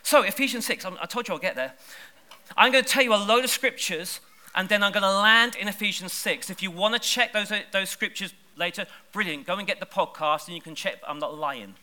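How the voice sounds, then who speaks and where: Bright high-voiced preacher. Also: male voice, fairly quick. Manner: lively, conversational preaching with bursts of emphasis. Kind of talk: sermon. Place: church service.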